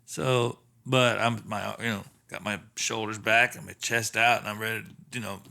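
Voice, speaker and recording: A man who is a session and touring bassist, a podcast guest telling stories from the road in a casual, animated way and acting out the dialogue. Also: normal speed, vocal fry. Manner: animated storyteller who acts out quoted dialogue. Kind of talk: casual storytelling in a podcast interview. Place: theatre space.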